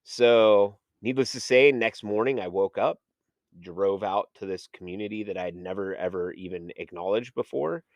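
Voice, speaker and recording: A man with a fairly low voice tells his story in a loose, rambling way. He fills the gaps with "like" and "um" and acts out the conversations he once had. The sound is dry and close, with no room echo. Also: moderate pace. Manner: rambling, full of "like" and "um", acts out his own past dialogue. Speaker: podcast guest. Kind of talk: casual storytelling.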